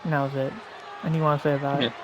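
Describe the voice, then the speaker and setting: A man's voice: mid-range voice, flat delivery, racing, highs cut off, some chatter behind, slight background noise. A man hosting a podcast, rambling through a casual wrestling recap with many restarts and repeated words. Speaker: podcast host.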